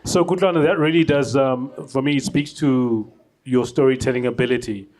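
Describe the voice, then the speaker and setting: A man interviewing an author at a book launch, quick to praise the author and unsure of how to pronounce a place name. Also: mid-range voice, darkish tone. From South Africa.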